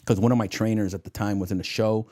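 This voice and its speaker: In an interview, a man who used to be a federal agent talks fast in a fairly low voice. His stories are casual and animated; he performs the voices of the people in them and laughs a lot at his own jokes.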